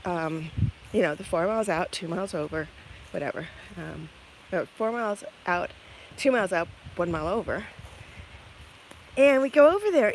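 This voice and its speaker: Chatty woman outdoors on a farm. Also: mid-range voice. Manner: chatty, rambling, laughs often. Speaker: vlogger. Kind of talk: casual storytelling while doing farm chores. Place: outdoors on a farm by chicken pens. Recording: outdoor recording with clear background noise.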